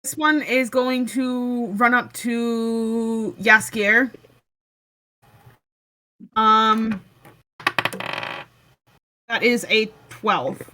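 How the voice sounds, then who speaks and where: A woman's voice: a little high, flat delivery, extremely slow, pauses often, pushed and bright, poor audio. A woman running a tabletop game as game master, giggly and full of ums.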